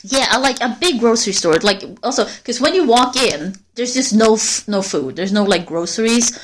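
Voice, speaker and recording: A woman livestreaming on a walk through a forest, chatting casually to viewers in a rambling, swearing way. She is cold, and her voice rises and falls in loudness as she walks. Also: fairly high pitch, animated, moderate pace, slight background noise. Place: outdoors in a forest.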